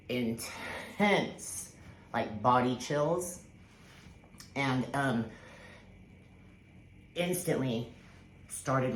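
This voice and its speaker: A woman telling a personal spiritual story in casual, rambling talk, full of fillers and restarts, with the odd swear word. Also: very deep voice. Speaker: spiritual vlogger. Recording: echoey room with faint background hiss.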